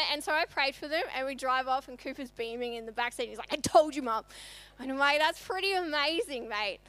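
A woman's voice: sits high, pushed and bright. A woman, telling a story in a conversational church sermon. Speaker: church speaker. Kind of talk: sermon testimony.

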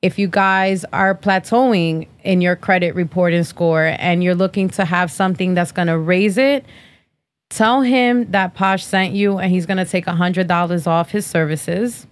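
A woman's voice: lowish voice, fairly even intonation, unhurried. A woman in her thirties hosting a podcast, talking bluntly and profanely in casual chat and sponsor reads. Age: 30s. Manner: blunt, profane, sassy trash talk. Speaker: podcast host.

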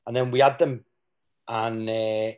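A man's voice: medium pitch, flat delivery, a little slow, a little mellow, clean tone. Male guest, ex-player, candid and rambling as he recalls his playing days. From England. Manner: rambling, with restarts and quoted asides. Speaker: former footballer, guest. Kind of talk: candid interview storytelling.

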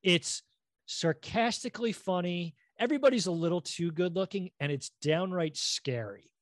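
A middle-aged man co-hosting a podcast in casual chat, quick with asides and jokes. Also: high voice, expressive, dry recording, studio quality. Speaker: podcast co-host.

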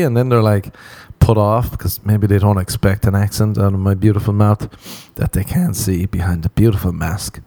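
Irish man, comic monologue, crude, self-mocking, lowish voice, dry close sound. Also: normal speed, warm tone, dry recording. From Ireland. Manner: crude, self-mocking, laughs at own jokes. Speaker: comedian. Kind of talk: comedic monologue.

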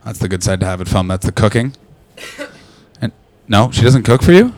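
Canadian male stand-up, crude and loud crowd work, club set. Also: fairly low pitch, very animated, brisk. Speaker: stand-up comedian. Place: comedy club.

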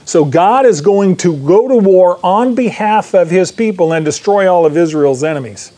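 A man's voice: a little high, warm tone. A man preaching a sermon as pastor, mixing scripture reading with conversational, joking asides to the congregation.

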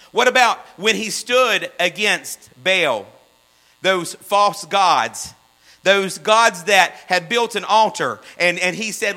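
A man preaching a sermon in a high, bright voice. He swings between loud, fervent runs and hushed, low asides. A faint electrical hum sits under the recording. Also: poor audio.

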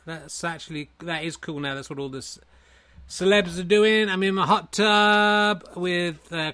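A man voicing a smug, successful version of himself who brags in a lazy, relaxed drawl. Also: sits high, clear, resonant tone. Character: smug, laid-back successful man, self-satisfied show-off.

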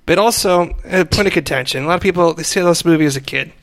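A man's voice: a little high, fast, fairly bright tone. A man co-hosting a podcast in a casual movie chat, rambling with restarts and wry jokes. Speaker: podcast co-host.

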